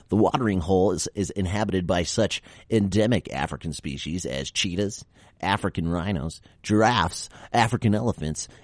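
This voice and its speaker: Guy with a really low voice doing a podcast, reads stuff then cracks dry jokes about it, pretty dead dry sound. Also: darkish tone, no echo. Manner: wry, sarcastic commentary. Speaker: podcast host. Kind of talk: reading a list with jokey asides.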